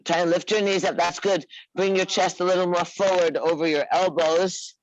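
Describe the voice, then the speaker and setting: A woman teaching a live yoga class, giving unhurried, coaxing cues and teasing her students by name. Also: fairly low pitch, fairly even intonation, no room sound, muffled recording. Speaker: yoga instructor.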